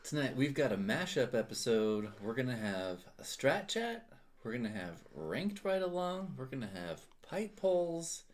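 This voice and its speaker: A man co-hosting a casual gaming livestream, teasing his partner and laughing through quick asides. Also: mid-range voice, big pitch swings.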